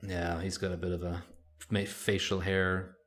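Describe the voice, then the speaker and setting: In a casual podcast chat, a male co-host rambles and hesitates, leaning on lots of fillers. He speaks in a low, fairly bright voice with little pitch movement, at a moderate pace.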